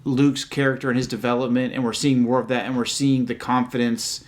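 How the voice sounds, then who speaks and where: Casting: male podcast co-host, mid-pitched, casual, animated storyteller. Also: a little fast. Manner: animated retelling, acts out characters. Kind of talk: casual chat.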